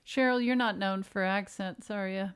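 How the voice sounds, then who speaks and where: A woman comedian co-hosting a casual podcast, teasing with a dry, deadpan manner. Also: mid-range voice, normal speed, clean tone. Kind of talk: casual chat.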